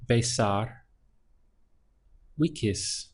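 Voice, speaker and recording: A man's voice: medium pitch, extremely slow, slightly rough. A man teaching Spanish verbs in a lesson, drilling each word patiently and stretching the syllables to show where the stress falls. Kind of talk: language lesson.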